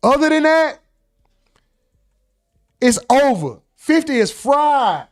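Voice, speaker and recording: A male host giving casual commentary on rap news, loud and profane, heckling and reacting in bursts. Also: extremely high pitch, sing-song, takes it slowly, dry recording, clean studio sound, faint music behind.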